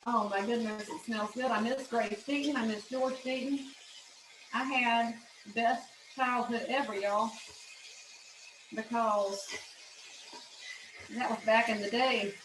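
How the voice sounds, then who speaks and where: She speaks slowly with frequent pauses and a steady tone on the high side, a woman from the American South hosting a casual cooking demonstration in her home kitchen. Chatty, folksy and opinionated, she says "y'all," while the audio is roomy with background noise.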